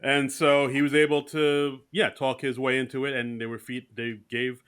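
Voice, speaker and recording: A man with a bright, lively tone co-hosts a casual movie podcast. He is recorded close and dry, with no room sound. He retells scenes playfully and slips into quick impressions of the characters. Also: mid-range voice, smooth, dry recording. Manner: jokey, acts out characters' lines. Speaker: podcast co-host. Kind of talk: casual movie recap chat.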